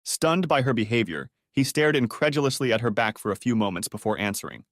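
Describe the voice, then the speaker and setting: A man narrating a story audiobook in a steady, even storytelling manner. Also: mid-range voice, brisk, no echo, studio quality.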